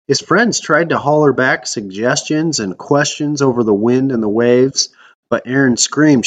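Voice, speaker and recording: A man's voice: mid-range voice, normal speed. Dramatic male storyteller, lo-fi sound. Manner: dramatic storyteller, shouting acted quotes. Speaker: podcast host teaching on faith. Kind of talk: scripted devotional narration.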